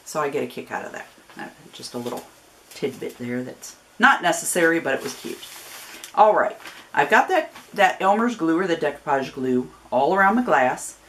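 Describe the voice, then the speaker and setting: Folksy low-voiced woman demonstrating crafts. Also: sing-song, moderate pace, a bit bright, slight background noise. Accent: Northern US with a growing Southern twang. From Northern Ohio, US. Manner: chatty and folksy, with rambling asides and friendly warnings. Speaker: craft tutorial host. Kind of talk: casual step-by-step craft demonstration.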